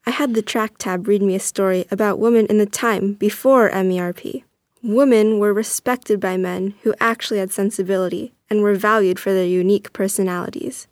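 A young woman reading a first-person story aloud as narrator, earnest and steady. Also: mid-range voice, a little fast, no echo.

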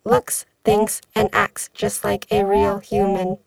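A woman voicing a robotic news announcer in a story she reads aloud, flat and slowed. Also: mid-range voice, creaky, dry recording, far from the mic, poor audio. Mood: announcing.

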